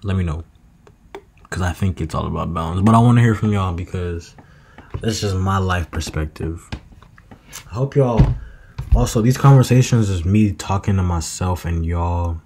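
A man's voice: deep voice, moderate pace, a little mellow, slightly rough. A young man talking to himself late at night in a loose, meandering, slangy monologue that drifts into half-freestyled rhymes. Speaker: vlogger.

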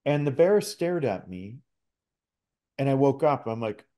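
A middle-aged Canadian man with a mid-range, sing-song voice and dark tone speaks a little slowly. He's a spirit talker appearing as a podcast guest, sharing a personal story casually and earnestly while often restarting his sentences.

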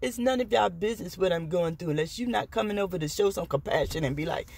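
A woman's voice: medium pitch, animated, fairly quick, husky. A woman vlogger speaks straight into the camera in an impassioned rant. She is blunt and profane, mixing defiance with wry jokes. The sound is dry, with no room echo. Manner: defiant and joking by turns.

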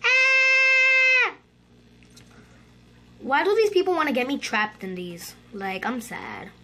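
A woman hosting a gaming channel, giving excitable let's-play commentary and chattering to her viewers. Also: fairly high pitch, moderate pace.

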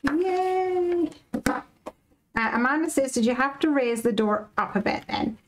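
A woman's voice: fairly high pitch, moderate pace, a little hiss or hum, low-quality recording. Chatty woman hosting a craft livestream. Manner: chatty, animated, reads out viewer comments. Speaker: live-stream craft host. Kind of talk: casual chat to live viewers.

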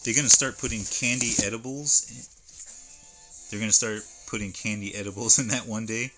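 Low-voiced man chatting through an unboxing. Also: steady tone, fairly quick, pushed and bright, soft background music. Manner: rambling, stops to read can labels aloud. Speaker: streamer. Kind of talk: casual live-stream unboxing chat. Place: at home.

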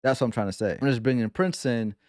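A man from New York comments on music in a casual reaction video at a middle pitch. He gets excited quickly and stops to explain exactly what he means. His voice sounds dry and close, with no room echo.

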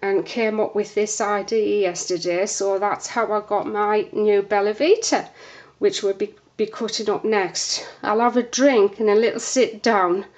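A woman's voice: mid-range voice, steady tone, darkish tone. A woman soap maker chatting casually through a demonstration, a bit out of breath, with lots of fillers. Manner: chatty, unhurried, many fillers.

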